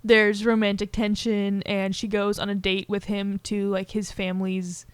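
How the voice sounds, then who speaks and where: A woman's voice: mid-range voice, flat delivery, normal speed, smooth, dry recording. A young woman co-hosting a casual podcast, retelling a film scene by scene and acting out the characters' lines with many fillers. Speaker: podcast co-host. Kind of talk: casual chat, retelling a movie.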